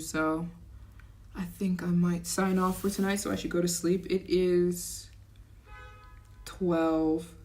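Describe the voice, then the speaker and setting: A young woman with a somewhat low voice, talking casually on her own livestream. She chats and reacts to comments as they come in, getting excited and animated. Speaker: livestream host.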